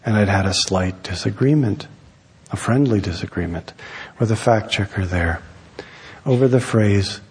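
A man, an author, reading his own essay aloud in a wry, measured storytelling manner. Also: lowish voice, a little mellow, breathy edge, in a large hall. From United States.

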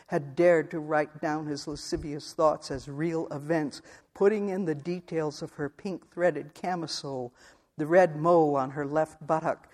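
A man narrates a literary western novel for an audiobook, his voice sitting a little higher than most men's. He reads in a measured, even way, steady from one sentence to the next. The delivery is calm and clear.

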